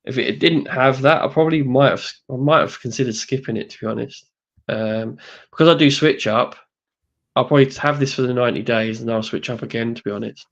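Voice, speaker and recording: A man chatting casually as a guest, relaxed and a little hesitant, filling pauses with ums. His voice sits mid-range and comes through dull and lo-fi. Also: mid-range voice, vocal fry. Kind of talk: casual chat. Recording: dull lo-fi audio.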